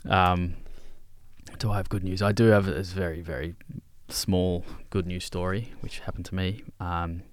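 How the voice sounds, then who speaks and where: A low-pitched Australian man spins an animated anecdote with plenty of matey slang. His voice is dry and close to the mic, with no room echo. The conversation is relaxed and conversational. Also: measured pace. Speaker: podcast co-host. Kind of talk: casual chat.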